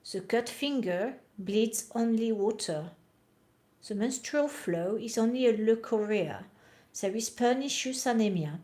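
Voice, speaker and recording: A woman with a mid-range, darkish voice reads homeopathy passages aloud from old books at night. Between readings she chats and comments straight to the camera.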